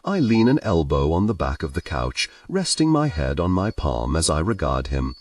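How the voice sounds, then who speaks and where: A man narrating a first-person audiobook romance in a lively, expressive reading style. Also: very deep voice, moderate pace, few pauses, far from the mic.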